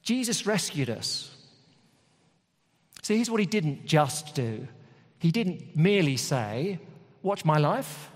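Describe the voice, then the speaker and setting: A man preaches in a loose, conversational manner, hammering home his points by repeating them. His voice sits a little high for a man, and a long reverb from the church hall hangs after each phrase. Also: big pitch swings, takes it slowly, long pauses. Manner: conversational, repetitive, emphatic. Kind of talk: sermon.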